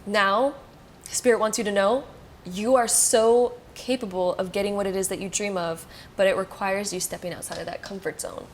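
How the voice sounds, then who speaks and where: A woman giving a casual pick-a-card tarot reading to viewers. She talks fast and with excitement, reassures them, and fills her speech with "like" and "you know.". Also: medium pitch, slight background noise. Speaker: tarot reader.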